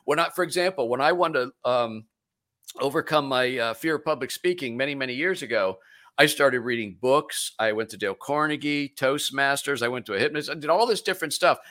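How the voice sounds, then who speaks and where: A man's voice: mid-range voice, brisk, bright, forceful tone. A man hosting a radio interview show, asking rambling, joking questions in a casual way. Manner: chatty, jokey, rambling questions.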